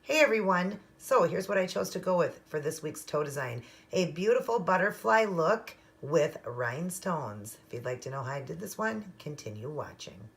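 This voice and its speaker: A woman's voice: low-pitched, very animated, moderate pace, gravelly, few pauses, a little hiss or hum. A woman hosting her own nail art channel, talking through a tutorial in a chatty, upbeat way and explaining each step. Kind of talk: casual tutorial chat.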